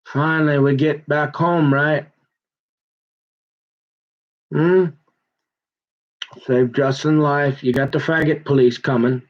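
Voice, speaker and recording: A man telling a long, aggrieved personal story in a rambling monologue, halting and restarting his sentences as he goes. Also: a little high, fairly even intonation. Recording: dull muffled lo-fi recording.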